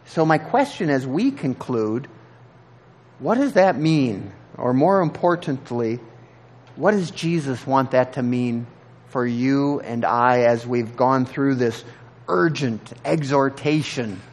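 A man preaching a sermon in an earnest, halting way, often repeating words as he searches for the next thought. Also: mid-range voice, a little mellow. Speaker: pastor.

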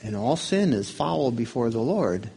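A pastor preaches in a relaxed, conversational style, posing questions to his listeners. His gravelly, slightly husky voice moves a little slowly, its pitch rising and falling a lot.

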